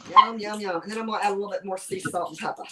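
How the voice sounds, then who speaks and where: A woman with a Southern US accent cooks on camera and talks through every step in a chatty, enthusiastic way. Her voice sits at an ordinary middle pitch. She comes through a video call, and the audio has plenty of background noise. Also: fairly even intonation, racing. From Southern United States. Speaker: guest chef. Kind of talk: cooking demonstration over a video call. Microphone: video call microphone.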